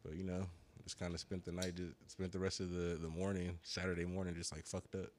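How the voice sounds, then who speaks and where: A man telling a long, profane story in casual podcast chat, rambling, full of slang and sounding high. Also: little pitch movement, a little fast, slight background noise. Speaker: podcast co-host.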